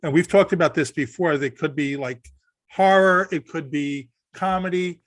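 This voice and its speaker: A man's voice: a little high, normal speed, dry recording. A man co-hosting a casual podcast, rambling a little and restarting his sentences. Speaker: podcast co-host.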